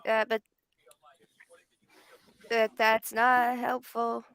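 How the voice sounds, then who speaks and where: Slow, bright high-voiced woman. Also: level tone, clean tone. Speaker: wrestling stream co-host. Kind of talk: casual chat.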